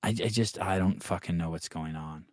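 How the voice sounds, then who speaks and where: A man's voice: low voice, moderate pace, no echo. A man hosting a podcast, ranting in casual talk and swearing constantly. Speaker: podcast host. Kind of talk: profane casual podcast rant.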